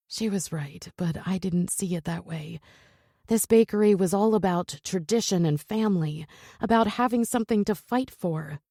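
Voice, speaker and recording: A woman narrating a romance audiobook in a soft, earnest manner. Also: fairly low pitch, normal speed, dry recording, studio quality.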